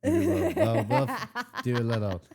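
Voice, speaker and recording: A man's voice: sits high, wildly swooping pitch, normal speed, darkish tone. A man making dry joking asides in a casual chat, chiming in from off mic.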